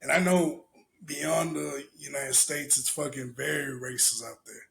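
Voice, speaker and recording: A man's voice: medium pitch, fairly even intonation, measured pace, creaky, fairly bright tone. A man hosting a podcast, giving loose, profane, laughing reaction commentary on clips. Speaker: podcast host.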